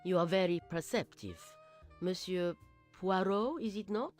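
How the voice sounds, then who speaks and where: An actress playing a proud, dignified Russian aristocrat in a video game, speaking with a Russian accent. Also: female voice, lowish voice, a little slow, over music, close to an everyday voice. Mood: haughty. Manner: haughty and dignified.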